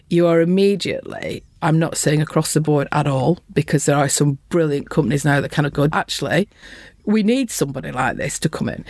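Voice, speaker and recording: A middle-aged woman with a softened Lancashire accent, speaking as a forthright, bolshie interview guest. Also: low-pitched, no echo, studio quality. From Lancashire, England. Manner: blunt, forthright, bolshie storyteller. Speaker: construction health and safety consultant.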